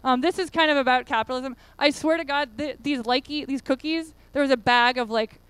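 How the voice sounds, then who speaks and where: A woman's voice: high voice, fairly quick, fairly bright tone, no room sound. A woman giving a casual conference talk, chatty and full of fillers. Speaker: conference speaker. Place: conference room.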